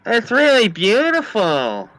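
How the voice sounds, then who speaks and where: A high, airy, gushing voice of a dim young woman riding in a car in 1950s Brooklyn, as a man puts her on in a story. She talks slowly and swoons over everything, her pitch swinging widely. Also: wildly swooping pitch, fairly bright tone, no echo, heavily acted, rough recording.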